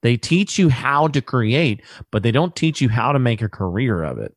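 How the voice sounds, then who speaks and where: A man hosting a relaxed interview, chatting casually and acting out stories with quoted voices. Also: mid-range voice, moderate pace, dry recording, clean studio sound. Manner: animated storyteller, acts out quoted voices. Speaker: podcast host.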